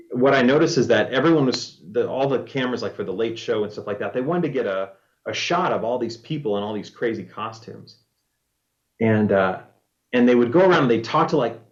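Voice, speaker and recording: A man, a former reality show contestant, casually telling a story in an animated way and acting out what people said. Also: mid-range voice. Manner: animated storyteller, acts out quoted lines. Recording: dull lo-fi audio.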